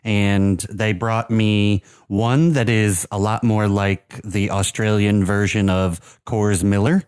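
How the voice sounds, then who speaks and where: Low-voiced man rambling about beer. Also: level tone, slow pace, a little mellow, smooth, dry recording, studio quality. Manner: rambling, hesitant, many fillers. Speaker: podcast co-host. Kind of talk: casual chat about beer and soccer.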